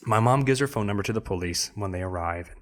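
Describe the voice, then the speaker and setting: A man on a podcast telling a story in casual chat, acting out other people with sudden high voices. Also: fast, fairly bright tone. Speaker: podcast co-host.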